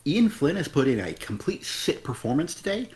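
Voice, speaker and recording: A man's voice: fairly high pitch, very animated, moderate pace, darkish tone. A man co-hosting a live comic review stream, ranting bluntly and with exasperation, swearing freely. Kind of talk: casual critical chat.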